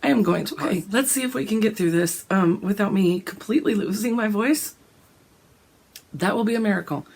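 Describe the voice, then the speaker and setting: Hoarse, gravelly woman with a cold. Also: brisk, darkish tone. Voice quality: gravelly, deep. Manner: frequent throat clearing, chatty and rambling. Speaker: cross-stitch vlogger. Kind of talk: casual chat.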